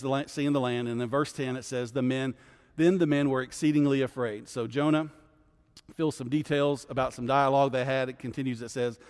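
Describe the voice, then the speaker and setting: A man's voice: mid-range voice, long reverb tail. A male guest pastor leading a bible study, teaching in a conversational way and often checking in with "right?". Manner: conversational, keeps asking "right?".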